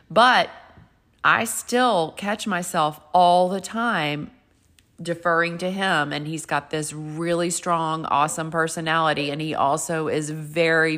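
Frank, chatty woman in her fifties, low voice. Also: fairly bright tone. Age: 50s. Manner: frank and chatty, with casual swearing. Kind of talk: candid personal storytelling and advice.

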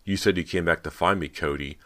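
A man's voice: low voice, a little fast, fairly bright tone. Callie, a man voicing a taunting girl ghost. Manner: taunting, mocking. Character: spiteful teenage girl ghost, gloating and vengeful. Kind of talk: audiobook character reading.

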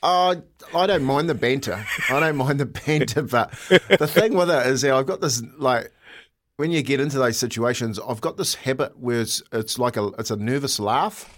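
A man's voice: medium pitch, normal speed, a bit bright. A man co-hosting a casual sports radio show, rambling and stop-start, with frequent laughter. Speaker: radio co-host.

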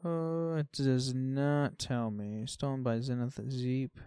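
A man's voice: mid-range voice, steady tone, takes it slowly, clean tone, no echo, studio quality. A man co-hosting a podcast, chatting casually about a game and often trailing off with "like". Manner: chatty, fillers like "like", trails off softly. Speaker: podcast co-host.

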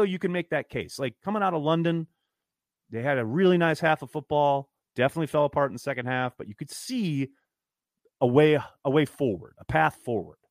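Frank, exasperated man with an animated voice. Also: a little high, no echo, studio quality. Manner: frank, downbeat and exasperated, swearing freely. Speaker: podcast host reading fan comments. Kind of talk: casual live-stream chat.

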